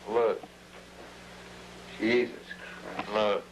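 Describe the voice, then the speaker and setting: A man's voice: fairly low pitch, little pitch movement, drawn-out words, noisy background. A drunk middle-aged man rambling through a profane, self-mocking story. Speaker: poet.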